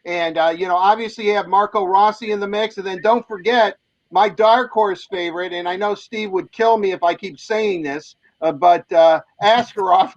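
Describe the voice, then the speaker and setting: A man's voice: high voice, normal speed, no room sound, muffled recording. An older man co-hosting a casual sports chat, stumbling and repeating words as he talks. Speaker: co-host, sports talk.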